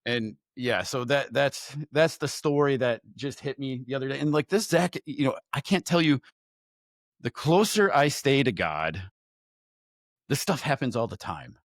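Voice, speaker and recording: A man guest on a faith podcast, telling a personal story in a candid, animated way, often repeating words and restarting. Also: medium pitch, a little slow, no room sound. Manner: animated storyteller who acts out his own thoughts.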